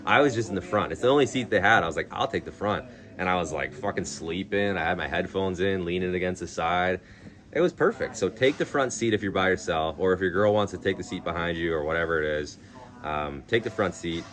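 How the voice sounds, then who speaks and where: A man's voice: deep voice, fairly quick, fairly bright tone. A young man chatting casually on a live stream, blunt and swearing a lot, filling his talk with "like". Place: outdoors in a town at night. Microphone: phone. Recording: music playing behind.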